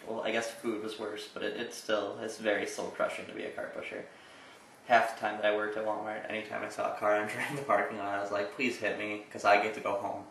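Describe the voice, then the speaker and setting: A young man co-hosting a casual chat, telling stories in a relaxed, dry, profane way. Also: on the low side, fast talker, vocal fry. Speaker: co-host. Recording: echoey room, distant mic, faint noise.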